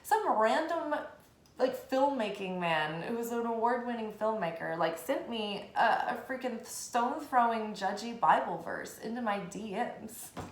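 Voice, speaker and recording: A woman tarot reader talking in a casual, animated way on her spiritual vlog, swearing freely as she goes. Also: fairly high pitch, unhurried. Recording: echoey room.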